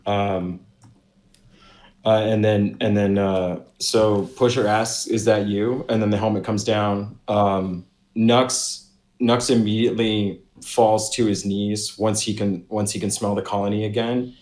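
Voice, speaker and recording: A man playing a tabletop game, describing his character in a halting way with many fillers. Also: lowish voice, flat delivery, darkish tone. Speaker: player. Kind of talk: casual tabletop game play.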